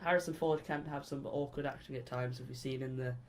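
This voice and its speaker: A man's voice: mid-range voice, fairly even intonation, fairly quick. A man chatting casually about films on a podcast, joking, laughing easily and acting out quoted lines. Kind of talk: casual film chat.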